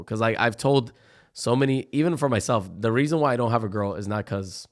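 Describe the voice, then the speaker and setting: A young man, a podcast guest, talking casually with lots of fillers and animated retellings of what people said. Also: medium pitch, fairly quick. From Florida. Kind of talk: casual chat.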